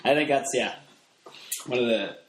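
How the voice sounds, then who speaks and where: This podcast guest, a Northern Irish man from Ireland, talks at a moderate pace in a medium-pitched voice. The casual chat rambles, full of fillers and restarts, and the recording carries a roomy echo and faint background noise.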